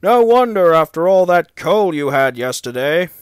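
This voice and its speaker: A man's voice: a little high, very animated, moderate pace, clean tone, dry recording, studio quality, voice pushed up. A man voicing a cheeky, teasing male steam engine with a mocking tone.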